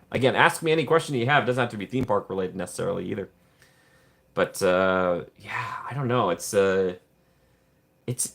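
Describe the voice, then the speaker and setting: Guy rambling and joking on a livestream, kinda low voice, reads out chat. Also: vocal fry, fairly bright tone. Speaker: livestream host. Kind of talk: casual livestream chat with viewers.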